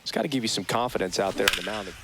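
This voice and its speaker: Video game baseball color commentator, brisk and analytical, recorded under background noise. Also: male voice, lowish voice, lively intonation. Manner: measured, explanatory analysis.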